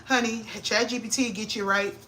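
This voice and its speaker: Bright-voiced young woman, excitable and slangy. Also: moderate pace, slight background noise. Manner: excitable, slangy, grows loud and high when hyped. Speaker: vlogger. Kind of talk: casual chat to camera.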